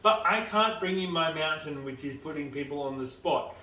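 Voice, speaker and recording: A man, co-hosting a casual podcast in an animated, mock-defensive way. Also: on the high side, normal speed. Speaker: podcast co-host. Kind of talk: casual chat. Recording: roomy and distant, faint background noise.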